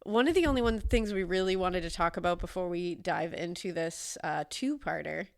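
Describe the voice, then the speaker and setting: A woman's voice: lowish voice, normal speed, vocal fry. A woman co-hosting a true-crime podcast, sounding congested and chatting casually with fillers and laughs. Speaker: podcast co-host.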